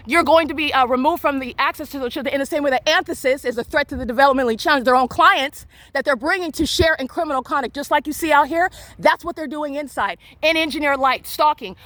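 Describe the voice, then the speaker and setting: A woman's voice: high-pitched, pushed and bright, no echo. A woman filming on her phone outdoors, narrating in an accusatory, repetitive, insistent way. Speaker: vlogger filming people around her. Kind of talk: confrontational narration while filming. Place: outdoors in a town square and parking lot.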